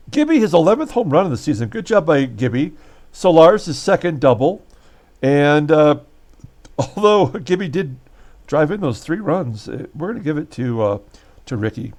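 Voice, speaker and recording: A man's voice: on the high side, very animated, a little slow, a little mellow. A man hosting a baseball season replay, giving casual commentary and recapping results while thinking aloud with fillers and self-corrections.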